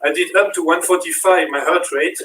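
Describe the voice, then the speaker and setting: A man's voice: fairly high pitch, fairly even intonation, brisk, fairly bright tone, roomy sound, recorded from a distance, slight background noise, poor audio. A man with a French accent, a fitness instructor who counts reps and coaches while he exercises. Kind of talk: live workout demonstration.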